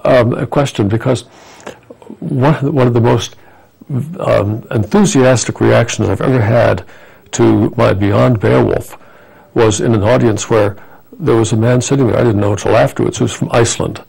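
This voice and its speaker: A man being interviewed as an author on public-access television, speaking in a measured, thoughtful way and quoting famous speeches from memory. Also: mid-range voice, fairly even intonation, creaky, a little mellow, husky, poor audio.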